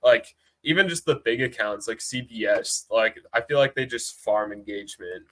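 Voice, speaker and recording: A man's voice: medium pitch, normal speed, fairly bright tone, low-quality recording. A man co-hosting a football podcast in casual chat, laid-back and hesitant, often trailing off. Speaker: podcast co-host.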